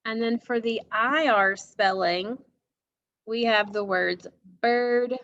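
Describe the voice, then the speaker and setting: Woman teacher, phonics lesson, slow and patient delivery, fairly high voice, dull lo-fi sound. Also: a bit bright. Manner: slow, patient, asks the class questions.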